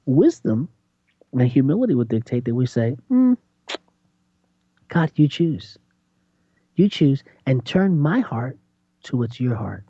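A man preaching in a conversational sermon, animated and acting out voices with big jumps in pitch. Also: takes it slowly, pauses often, slightly rough, no room sound. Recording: dull lo-fi sound.

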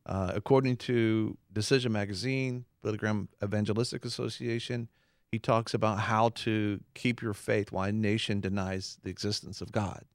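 A man with a lowish voice co-hosts a Christian talk show, speaking at normal speed in clean, echo-free studio audio. In casual conversation he preaches earnestly and animatedly, acting out quotes as he goes.

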